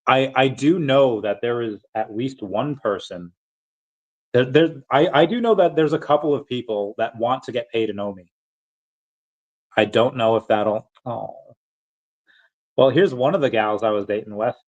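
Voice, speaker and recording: A man on a casual livestream rambles through answers to chat, often cutting himself off mid-thought and chuckling. His voice sits at an ordinary middle pitch, and the stream audio sounds slightly dull and lo-fi. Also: normal speed. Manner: rambling, self-interrupting, chuckling.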